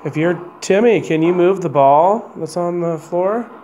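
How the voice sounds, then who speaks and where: Soft-coaxing man questioning spirits. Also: sits high, unhurried, dull audio, a little hiss or hum. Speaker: paranormal investigator. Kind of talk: ghost box session, questioning spirits. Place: indoors, hotel room.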